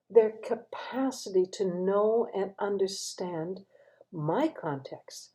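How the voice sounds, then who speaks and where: A woman's voice: mid-range voice, mellow, rough recording. A woman giving a thoughtful devotional reflection, sometimes dropping to a near-whisper for emphasis.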